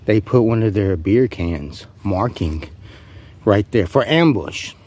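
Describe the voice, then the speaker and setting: A man with a husky, slightly rough voice delivers a rambling, profane rant straight to camera. He taunts and challenges an unseen rival as he goes. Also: fairly low pitch, animated, slow pace, darkish tone. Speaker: vlogger.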